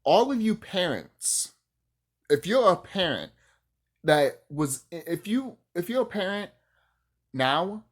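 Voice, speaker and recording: A man's voice: sits high, sing-song, takes it slowly, pauses often. A man from the United States ranting on his vlog in a heated, profane, preachy and rambling way. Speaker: vlogger. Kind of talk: unscripted rant to camera.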